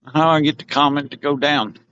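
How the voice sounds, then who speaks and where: A man's voice: fairly high pitch, steady tone, fast, fairly bright tone, clear, resonant tone. A man on a fishing boat, chatting and teasing his live-stream viewers in a joking, offhand way. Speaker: fishing vlogger reading live chat. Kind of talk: casual live-stream chat. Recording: dull lo-fi sound.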